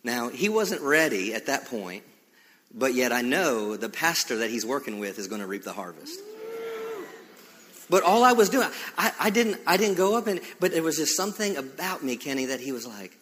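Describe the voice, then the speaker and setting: A man preaching a sermon as pastor, animated and emphatic, telling stories with frequent restarts. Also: mid-range voice, normal speed. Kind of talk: sermon with storytelling. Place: church sanctuary. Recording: reverberant church hall.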